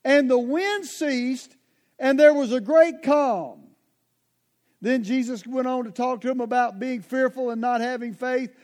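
A man with a strikingly high voice preaches a sermon. He talks conversationally but with emphasis, speaking straight to his listeners and pulling them into his points. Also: a little slow, a little mellow.

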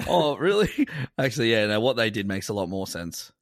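A man co-hosts a comedy podcast and talks in a dry, teasing, ironic way. His voice swings up and down in pitch, and it sounds close and dry. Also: very animated, normal speed, no echo. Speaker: podcast co-host. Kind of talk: casual comedy chat.

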